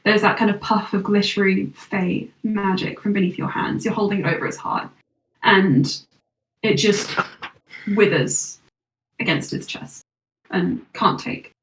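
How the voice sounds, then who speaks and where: A woman narrates a tabletop game as its game master, describing each moment with measured, descriptive detail. She sounds set back from the mic in a roomy, echoing space. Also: mid-range voice, steady tone, slight background noise. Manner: descriptive, measured narration with quick rules talk. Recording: echoey room, voice from far off.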